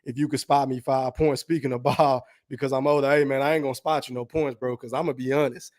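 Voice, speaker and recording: A young man hosting a live chat stream, talking loosely and with a lot of swearing, reading out comments and shouting out viewers. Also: medium pitch, level tone, fast talker. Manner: loose, profane, streetwise, reads chat aloud. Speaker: livestream host. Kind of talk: casual live-chat talk.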